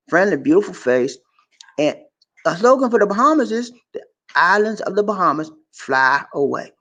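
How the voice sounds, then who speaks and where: A man giving casual travel tips to the camera as a vlogger. He is chatty and animated, calls the viewer "man" and "baby", and repeats his points. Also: very high-pitched.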